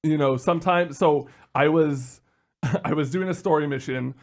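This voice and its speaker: Gravelly man rambling through a story. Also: on the high side, moderate pace. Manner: rambling storytelling with many fillers. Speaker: podcast co-host. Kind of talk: casual chat.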